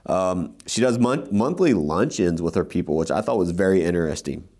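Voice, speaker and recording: A man's voice: low voice, lively intonation, moderate pace, darkish tone, husky. A man in his thirties co-hosting a podcast, recapping conference speakers in a loose, enthusiastic way with plenty of fillers. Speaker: podcast co-host.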